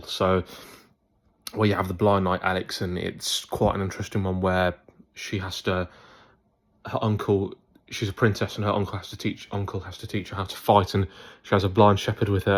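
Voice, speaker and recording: A young man telling a rambling, chatty story to his viewers in a casual vlog. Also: on the low side. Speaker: YouTuber.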